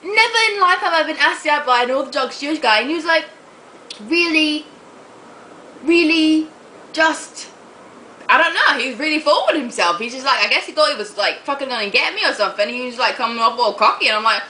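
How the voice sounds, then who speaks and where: A young woman ranting to her camera in a casual vlog, chatty and animated, swearing as she tells stories. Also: sits high, a little fast, a little hiss or hum, rough recording. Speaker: vlogger.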